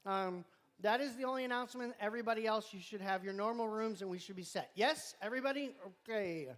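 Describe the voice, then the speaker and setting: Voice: medium pitch, fast, fairly bright tone. A youth group leader giving rambling, joking announcements to students in a church youth room, sometimes talking while chewing. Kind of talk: casual live-stream announcements to a youth group.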